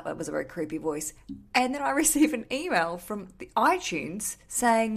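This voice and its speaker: A woman's voice: medium pitch, lively intonation, brisk. Candid woman podcast host. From Australia. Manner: candid and self-mocking, with frequent swearing. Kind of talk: casual solo podcast chat.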